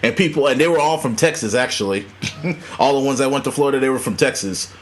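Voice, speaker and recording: A man's voice: mid-range voice, fast, a crowd in the background. A man co-hosting a podcast in casual chat, swearing, laughing and acting out quoted voices. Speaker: podcast co-host.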